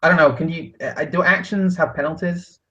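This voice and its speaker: A man's voice: fairly high pitch, a little fast, a bit bright, lo-fi sound. Hesitant man playing a tabletop game. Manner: hesitant, lots of ums. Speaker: player. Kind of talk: casual tabletop play.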